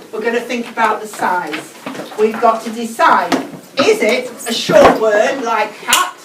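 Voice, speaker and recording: A brisk English teacher with a fairly high voice leads a whole-class teaching demonstration, slowly drawing out key words for the children. She's captured from a distance in an echoey classroom with clear background noise.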